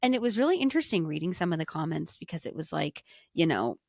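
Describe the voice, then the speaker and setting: A woman's voice: deep voice, big pitch swings, fast talker, creaky, darkish tone, no room sound, studio quality. A young woman co-hosting a podcast, chatting casually and enthusiastically with lots of fillers. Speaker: podcast co-host. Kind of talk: casual chat.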